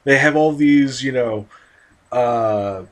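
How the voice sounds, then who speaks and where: An American man in a heavily profane, rambling rant, breaking off from reading an article aloud to vent his anger. His voice sits at an ordinary middle pitch, and he keeps stumbling over restarts and tangents. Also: slow pace, a little hiss or hum. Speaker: video commentator. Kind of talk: ranting commentary mixed with reading an article aloud.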